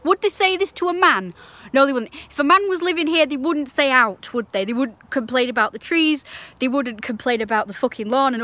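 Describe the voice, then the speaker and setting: A woman's voice: high-pitched, fairly quick, fairly bright tone, dry recording. A young woman on a live stream, telling a rambling, indignant story and swearing freely.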